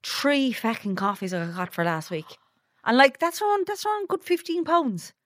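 A woman's voice: high voice, lively intonation, normal speed, fairly bright tone, no echo, studio quality. A woman, co-hosting a casual chat podcast and laughing and swearing freely. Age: 30s. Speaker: podcast co-host.

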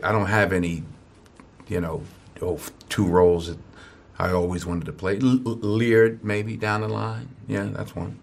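Gravelly man, halting and thoughtful. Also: fairly low pitch, fairly even intonation. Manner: halting, with many restarts and chuckles. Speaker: interview guest. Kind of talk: archived interview answers.

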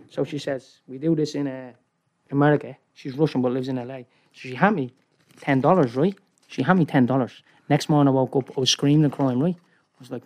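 A man telling a long, rambling story in casual chat, excitable and peppering his talk with "right?". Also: mid-range voice, brisk. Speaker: guest.

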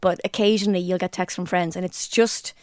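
A middle-aged Irish woman co-hosting a podcast, telling stories in an animated, chatty way. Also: fairly low pitch, fairly quick, no echo, clean studio sound. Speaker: podcast co-host. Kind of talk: casual chat.

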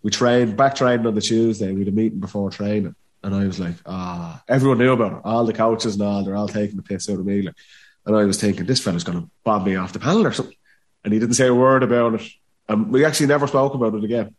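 Speaking fast in a fairly low voice with fairly even intonation, a Dublin man in his thirties, a former footballer, guests on a podcast. He tells a casual story packed with acted quotes and laughter.

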